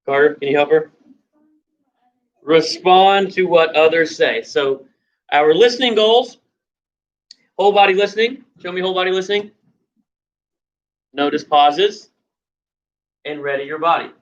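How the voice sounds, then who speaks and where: A woman's voice: fairly low pitch, lively intonation, normal speed, pauses often, dull audio. A woman teacher leading young children through a lesson, patiently prompting and repeating her questions. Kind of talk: classroom instruction to young children.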